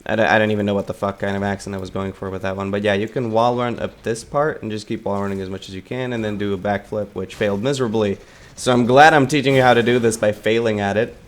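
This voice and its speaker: A man's voice: fairly low pitch, steady tone, fast. A man giving loose, rambling gameplay commentary, swearing casually and joking at his own expense. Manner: self-mocking asides.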